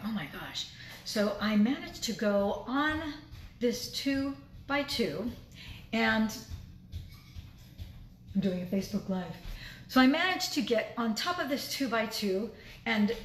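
A woman speaker telling a motivational story, animated, acting out her own inner voice as she goes. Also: medium pitch. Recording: echoey room with faint noise.

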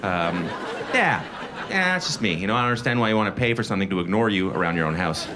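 A man's voice: lowish voice, expressive, quick pace. A man doing a stand-up comedy set on a club stage, conversational and wry. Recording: live comedy club crowd noise.

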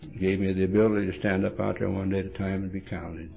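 A man's voice: low voice, flat delivery, fast talker, creaky, soft background music. A man giving a humorous storytelling talk as a recovery meeting speaker, blunt and wry, acting out bits of dialogue. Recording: dull lo-fi tape recording.

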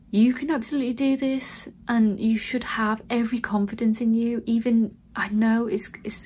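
A student nurse in her thirties with a medium-pitched, darkish voice chats casually in a vlog, calling her viewers "guys" and walking them through things step by step. She's tearful and emotional yet earnest and encouraging, and the recording is rough with slight background noise.

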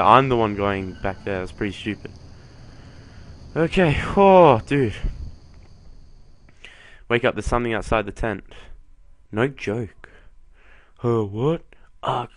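Sarcastic young man with a low voice. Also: no echo. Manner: sarcastic and sweary, mocks the game's characters; reads the game's dialogue aloud in a flat voice. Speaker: let's play gamer. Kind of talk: casual gameplay commentary.

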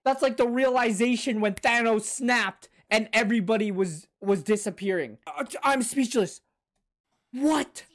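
A man reacting to an anime episode, excitable and profane, shouting and gasping and talking back to the characters on screen. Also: very high voice. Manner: excitable, swears a lot, bursts into shouts and gasps. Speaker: anime reaction channel host. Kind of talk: live reaction commentary.

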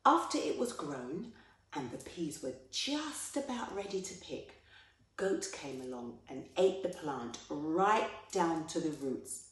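A woman hosting a poetry show, reading a folktale aloud in a lively, expressive way. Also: deep voice, slow pace. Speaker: storyteller. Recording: very echoey room.

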